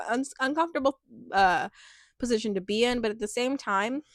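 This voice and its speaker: A woman's voice: fairly high pitch, brisk, dry recording, studio quality. A woman giving a casual, chatty recap of a reality show, rambling with lots of fillers and acting out quotes with a laugh.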